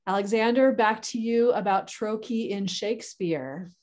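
Upbeat woman running a teacher webinar, lots of ums, mid-pitched voice. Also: normal speed, a little mellow. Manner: enthusiastic, with many fillers and restarts. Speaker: educator webinar co-host. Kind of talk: professional development webinar presentation.

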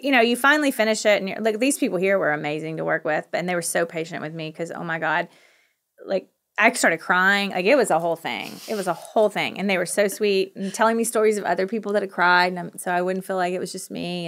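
A woman's voice: lowish voice, a bit bright. Chatty Southern woman telling stories. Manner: chatty and laughing, quick-talking storyteller. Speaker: podcast guest. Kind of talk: casual conversational interview.

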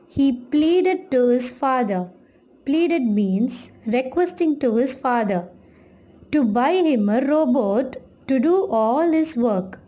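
A woman teacher, explaining a storybook lesson to children slowly and patiently. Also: fairly high pitch, mellow. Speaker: school teacher. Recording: echoey room with faint noise.

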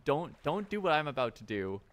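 A man's voice: a little high, big pitch swings, fairly quick. A man streaming a video game, talking animatedly to his viewers and swearing casually.

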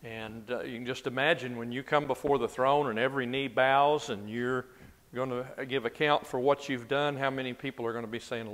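A man at a mid-range pitch leads a Bible class in a loose, conversational way and puts questions to his listeners. His voice carries a long reverb from a large room. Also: a bit bright.

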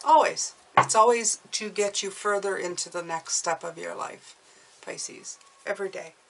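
A woman's voice: medium pitch, steady tone, normal speed, creaky, distant mic, background noise. Chatty woman giving a tarot reading. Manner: chatty and encouraging, often adding "okay?". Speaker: tarot reader. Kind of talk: intuitive tarot reading to viewers.

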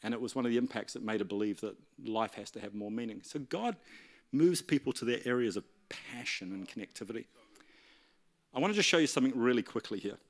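Guy preaching in church, telling a story, acts out voices, mid pitch. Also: fast. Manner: animated storyteller, acting out dialogue. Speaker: pastor. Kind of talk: storytelling sermon.

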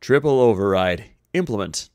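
A man's voice: low voice, lively intonation, moderate pace, darkish tone, no echo, clean studio sound. A man voicing a tense male ship's engineer who talks in clipped exclamations.

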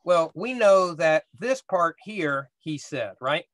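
A man's voice: a little high, expressive, slow pace, fairly bright tone, dry recording. A man teaching a casual Bible study class, explaining step by step and often checking in with "right?".

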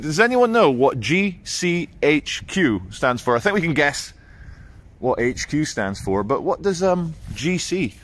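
A man filming a casual walking vlog on city streets outdoors at dawn with a handheld phone, telling stories in an animated, chatty way. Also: a little high. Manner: chatty, animated storytelling with quoted voices. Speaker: vlogger. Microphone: handheld phone camera.

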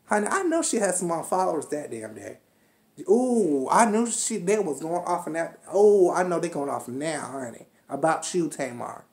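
In a low, darkish voice with big pitch swings and normal speed, a woman angrily recaps a reality show. She hurls profanity and scolding straight at the cast, talking as though they can hear her.

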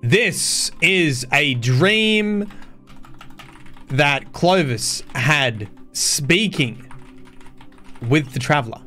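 A man's voice: on the high side, lively intonation, very slow, long pauses, bright, forceful tone. Chatty man streaming lore, faint music. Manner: chatty, swears, thinks aloud. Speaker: streamer reading game lore. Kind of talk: reading lore aloud with casual reactions.

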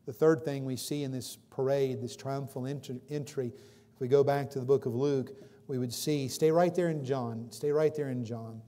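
A male pastor preaching a sermon in a church, swinging between loud emphatic calls and quieter explanation, with frequent questions to the congregation. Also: mid-range voice, fairly even intonation, moderate pace. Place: church sanctuary. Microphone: livestream recording from the pulpit.

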